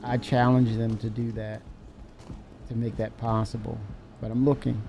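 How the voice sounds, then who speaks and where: A man's voice: mid-range voice, level tone, moderate pace, dark tone, dull audio, soft background music. A man streaming a game live, muttering to himself in casual commentary, laughing and mock raging.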